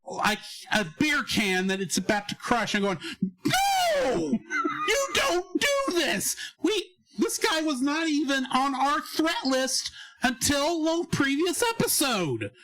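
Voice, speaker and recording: A man co-hosting a casual podcast review, acting out scenes and swinging his voice up and down. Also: measured pace. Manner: animated, acts out scenes with big pitch jumps. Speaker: podcast co-host.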